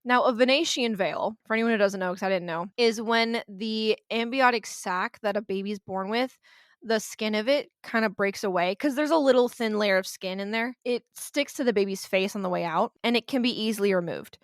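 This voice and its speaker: A woman's voice: mid-range voice, normal speed, no room sound, studio quality. Sarcastic woman retelling a ghost story. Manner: blunt, sarcastic, swears and laughs while retelling. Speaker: podcast co-host. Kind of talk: casual storytelling chat.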